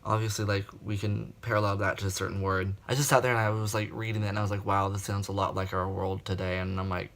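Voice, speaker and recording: A man's voice: lowish voice, little pitch movement, fast talker, creaky, few pauses, fairly bright tone. A young man chatting dramatically about a book in a casual reading vlog, full of fillers. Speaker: book vlogger.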